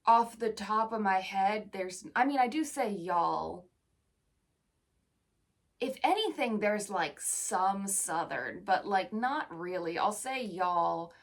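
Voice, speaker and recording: A woman's voice: medium pitch, animated, takes it slowly. Chatty young American woman, slightly distant mic. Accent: standard American. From United States. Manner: chatty, rambling, self-deprecating asides. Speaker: actor. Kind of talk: casual vlog chat.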